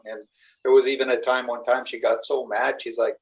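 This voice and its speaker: A man's voice: medium pitch, little pitch movement, a little fast, far from the mic, rough recording. Middle-aged man, spiritual teacher, mid-range voice, loose earnest storytelling to a group. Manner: rambling, earnest storytelling with acted-out quotes. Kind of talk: live group teaching talk.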